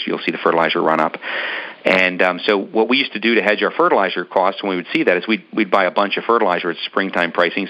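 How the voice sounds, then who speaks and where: Man, very low voice, bright forceful tone, rambling storytelling, broadcast-style audio. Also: dull audio. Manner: rambling, many ums and restarts. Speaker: business owner telling his story. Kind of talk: casual storytelling interview.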